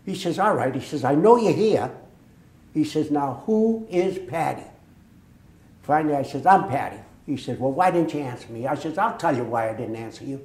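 A Massachusetts veteran, an older man, shares war stories at a moderate pace in a slightly high voice. He's an animated oral history storyteller who acts out what people said, recorded in an echoey room.

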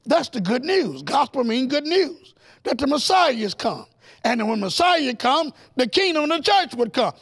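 High, gravelly-voiced preacher. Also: male voice. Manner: emphatic, with repeated rhetorical questions to the audience; rising to excited, near-shouted peaks. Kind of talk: television Bible lesson.

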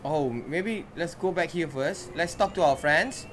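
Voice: medium pitch, measured pace, fairly bright tone, soft background music. A gamer giving casual commentary while playing, chatting to the characters and reacting aloud.

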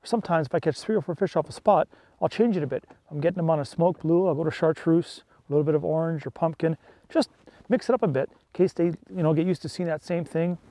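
A man chatting excitedly and folksily while fishing from a small boat on a lake. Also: fairly high pitch, fast talker, dry recording. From Canada. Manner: excitable, folksy, peppers talk with "eh". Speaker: fishing vlogger. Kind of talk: casual on-the-water chat.

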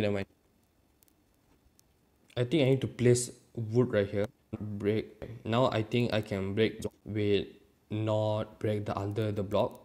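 A man giving casual let's-play commentary in non-native, ungrammatical English, talking to himself with sudden loud outbursts. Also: on the low side. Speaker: gaming YouTuber.

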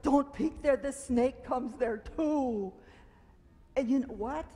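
This woman's voice sits a little high, and she tells a children's story at a church service with big, dramatic exclamations. She gets animated and acts out the frightened cries as she goes. Her words ring out with a long tail of reverb through a large meeting hall. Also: slow pace.

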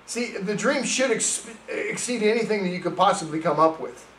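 Animated, high-voiced male pastor preaching. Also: normal speed, reverberant, distant mic, low-quality recording. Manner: animated storytelling, reads scripture aloud. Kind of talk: sermon. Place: church sanctuary.

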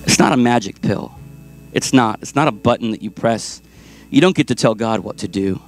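A pastor preaching a sermon with passion, moving between loud, urgent lines and hushed ones. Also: male voice, fairly low pitch, normal speed, soft background music. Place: church sanctuary.

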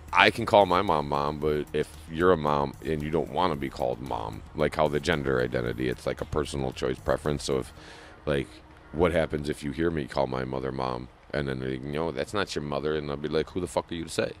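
A man's voice: very deep voice, moderate pace. A young man co-hosting a podcast, rambling and joking in a profane, casual way. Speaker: podcast co-host. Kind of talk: casual crude banter.

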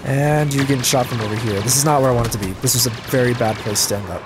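A young man giving casual, self-mocking commentary over his gameplay, his voice jumping high when things go wrong. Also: fast. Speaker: gaming channel host. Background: game music and gunfire.

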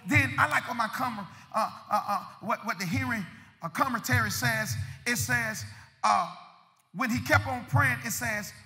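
A male pastor preaching a sermon, repeating words and building up to shouted peaks. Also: extremely high pitch, lively intonation, unhurried. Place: church sanctuary. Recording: long reverb of a church hall.

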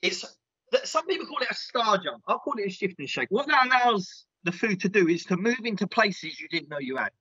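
A man's voice: high-pitched, big pitch swings, fairly quick, bright, forceful tone, husky, no room sound, lo-fi sound, full character voice. A man playing a big, earnest, clueless self-styled diet guru in a comedy sketch, instructor patter full of "yeah?" and "right?". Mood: instructive.

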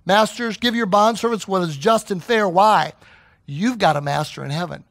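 A man's voice: high voice, moderate pace, vocal fry, dry recording. A middle-aged man preaching a sermon as pastor, telling stories and acting out the voices he quotes. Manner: animated storyteller who acts out quoted voices.

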